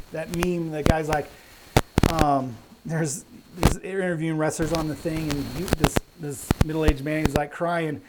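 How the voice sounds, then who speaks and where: A man's voice: a little high, level tone, moderate pace, noisy background. A man hosting a casual live Q&A stream, chatting and thinking aloud on a clip-on mic in an indoor room with some echo. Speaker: host of a craps channel live stream. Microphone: clip-on mic with pack.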